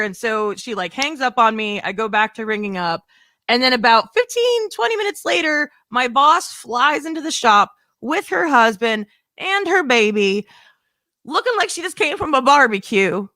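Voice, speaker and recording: Doing a stand-up set, a young woman tells a wandering, lively story and acts out the quoted voices. Her voice sits high and moves at normal speed. The recording is dry and studio-clean.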